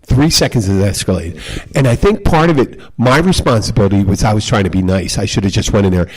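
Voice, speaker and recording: A man's voice: lowish voice, expressive, quick pace, few pauses, husky. A man hosting a podcast, casually telling a rambling, profane story about working in a bar. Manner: profane, rambling anecdotes with acted quotes. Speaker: podcast host, bartender.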